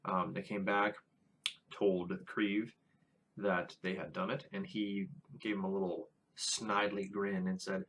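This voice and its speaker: A man's voice: low voice, flat delivery, moderate pace, fairly bright tone, a little hiss or hum. A man who is a first-time dungeon master, recapping his latest tabletop session in a casual vlog, rambling with many fillers and restarts.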